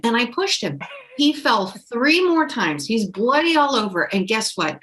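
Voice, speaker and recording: A mother telling a personal story in a conversation, animated and expressive. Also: fairly high pitch, measured pace, low-quality recording. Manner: animated storyteller, acts out voices in quotes. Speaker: podcast guest.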